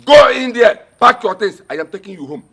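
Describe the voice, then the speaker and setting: A man's voice: very high voice, big pitch swings, a little fast, fairly bright tone, slightly rough, heavily acted. An actor playing a scornful, scheming relative with a Nigerian accent, mocking and ordering her out. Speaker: relative urging her to leave. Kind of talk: Nollywood film acting.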